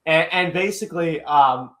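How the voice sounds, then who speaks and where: A young man with a slightly high voice tells a story as an interview guest, rambling and leaning on fillers. The recording is roomy, with a clear echo off the walls. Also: normal speed, bright, forceful tone. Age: young adult. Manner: rambling, heavy on fillers like "basically". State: eye still hurting after an attack. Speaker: guest commentator. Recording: roomy echoey room.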